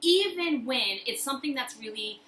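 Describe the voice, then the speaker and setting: A woman's voice: high voice, animated, normal speed, sharp tone. A woman vlogger talking earnestly and thoughtfully about personal growth, repeating phrases for emphasis. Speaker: self-help vlogger. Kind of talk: reflective personal talk. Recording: echoey room with faint noise.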